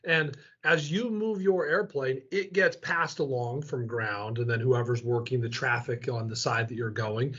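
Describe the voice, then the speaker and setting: Husky-voiced man hosting a flight-training chat. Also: mid-range voice, measured pace, hardly any pauses, fairly bright tone, highs cut off. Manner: rambling, thinks aloud with restarts. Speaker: flight school host. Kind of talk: casual explanatory interview.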